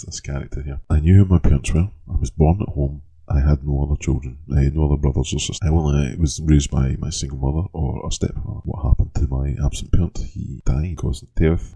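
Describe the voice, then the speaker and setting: A man's voice: extremely low pitch, gravelly, dark tone, breathy edge. A man hosting a tabletop game character-building channel, explaining with dry, wry asides. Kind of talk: casual explainer narration.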